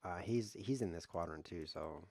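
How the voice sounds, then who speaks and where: A man's voice: deep voice, moderate pace, vocal fry, darkish tone, dry recording. A man giving rambling, jokey live commentary on his own chess game, thinking aloud as he streams.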